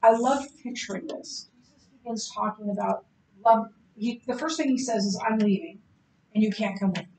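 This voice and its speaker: A woman teaching a Bible class in a conversational lecture style, chatty and animated, with many fillers and restarts. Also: medium pitch, moderate pace, distant mic. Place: church classroom. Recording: roomy echo with faint background hiss.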